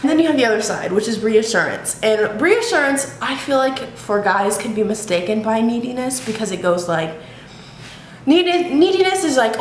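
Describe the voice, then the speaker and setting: This woman's voice sits on the high side, with lively intonation and a moderate pace. Vlogging at home for YouTube, she chats casually, curses frankly, and laughs frequently, in an echoey room with faint background hiss.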